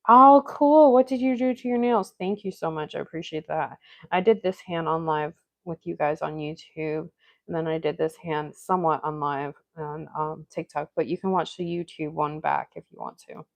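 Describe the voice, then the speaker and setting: A woman's voice: low voice, moderate pace, creaky, a little mellow, no room sound. A young woman with a cold and a congested voice, hosting a casual livestream, chatting and greeting viewers by name. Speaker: livestream host doing nail art.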